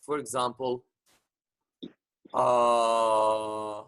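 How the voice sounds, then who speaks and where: A man's voice: medium pitch, little pitch movement, drawn-out words, a bit bright, smooth, no room sound, rough recording. Patient male teacher with a dry sound. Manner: patient, repeats points, many fillers. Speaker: English teacher. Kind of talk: online grammar lesson.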